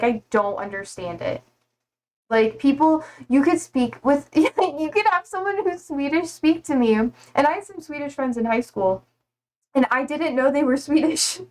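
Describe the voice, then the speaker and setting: A woman's voice: high voice, normal speed, darkish tone. A woman streaming live, talking casually to her chat in a slightly raised voice. She rambles from thought to thought and laughs at her own shortcomings. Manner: rambling, laughing, self-deprecating.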